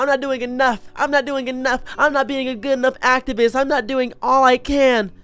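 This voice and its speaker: A man giving an earnest motivational monologue, preachy and direct, acting out the voices he quotes. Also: high voice. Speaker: streamer giving a pep talk.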